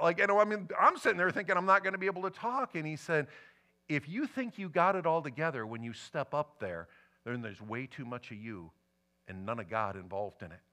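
A middle-aged man, a pastor, preaching a sermon and telling a personal story with lively emotional swings. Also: medium pitch. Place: church sanctuary.

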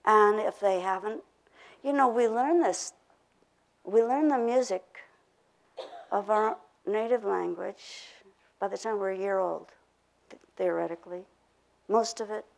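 Gravelly older woman leading a workshop. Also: medium pitch, unhurried, pauses often, poor audio. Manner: explains concepts with spoken drills and repetition. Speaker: pronunciation workshop presenter. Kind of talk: teaching a workshop. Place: workshop room.

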